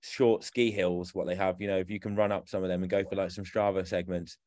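Man, podcast guest, chatty, loose slang, lowish voice, dry sound. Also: little pitch movement, fairly quick, darkish tone, no room sound. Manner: chatty, laughs often, casual swearing and slang. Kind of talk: casual chat over a call.

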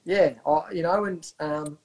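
A man's voice: fairly high pitch, a little slow, gravelly, darkish tone. An Australian man in his thirties, a guest on a podcast, talking earnestly and reflectively with many fillers and restarts. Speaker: podcast guest, wellbeing coach. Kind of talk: casual interview chat.

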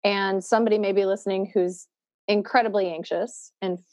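A woman's voice: medium pitch, steady tone, brisk, darkish tone, no echo. A woman hosting, thoughtfully summarizing her guest's points and asking probing questions. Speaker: podcast host. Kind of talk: reflective interview talk.

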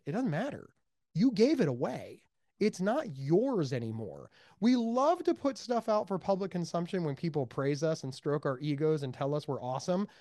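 An American man being interviewed as a mental health advocate, speaking emphatically and with high energy, repeating words for stress. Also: warm tone, dry recording, clean studio sound. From United States. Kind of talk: animated interview talk.

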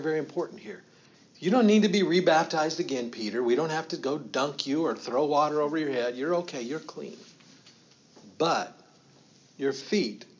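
Man preaching with slow emphatic storytelling. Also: medium pitch, muffled recording. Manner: animated storytelling with slow emphatic phrases and asides. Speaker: pastor. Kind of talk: sermon.

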